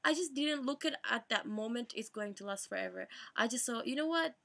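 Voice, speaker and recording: Emotional young woman with a bright, gravelly voice. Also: fairly high pitch, expressive. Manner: tearful, halting, many fillers and restarts. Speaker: vlogger. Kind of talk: emotional personal vlog.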